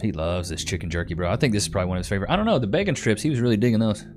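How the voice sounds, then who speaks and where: A man's voice: on the low side, animated, rapid-fire, over music. A young adult man hosting a live stream, chatting casually and teasing his viewers with playful banter. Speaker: livestream host. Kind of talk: casual live-stream chat reading comments.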